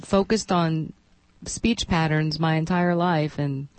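A woman's voice: low-pitched, fairly even intonation, slow pace, a little mellow, dry recording. A woman from the Southern US talking politics on the radio, rambling and mocking, often trailing off. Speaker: radio guest, co-host. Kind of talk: political talk radio banter.

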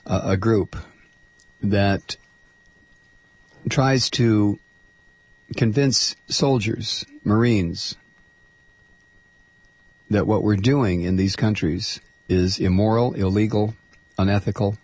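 A man's voice: fairly low pitch, a little mellow, husky, no echo. A man hosting talk radio, reading quotes aloud and commenting with frequent hesitant fillers. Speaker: radio host.

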